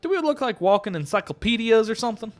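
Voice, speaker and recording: A man's voice: sits high, expressive, fast, soft background music, pitched above the performer's own voice. A man doing a brash Southern tavern regular. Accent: American Southern.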